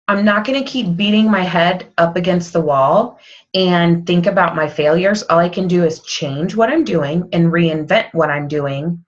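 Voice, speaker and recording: A woman team coach speaking candidly and motivationally on a casual group call, quick to poke fun at herself. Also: fairly low pitch, highs cut off. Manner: candid, motivational, self-deprecating. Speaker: fitness coach.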